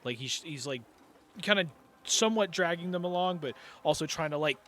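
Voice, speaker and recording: A man's voice: a little high, lively intonation, a little fast, a bit bright, a little hiss or hum. A man running a tabletop game as game master, narrating in a rambling, casual way. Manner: rambling, many fillers and restarts.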